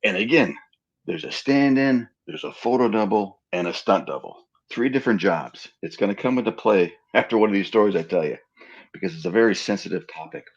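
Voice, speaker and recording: A man from Pennsylvania telling stories as an interview guest in a casual chat. He acts out the dialogue in his stories with lively voices. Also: fairly low pitch, fairly quick, husky, lo-fi sound. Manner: animated storyteller acting out quoted dialogue.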